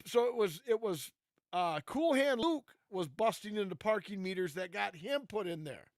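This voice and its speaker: A man's voice: high voice, lively intonation, moderate pace, dry recording. A man co-hosting a live podcast in casual chat, blunt and profane, given to ranting. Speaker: podcast co-host.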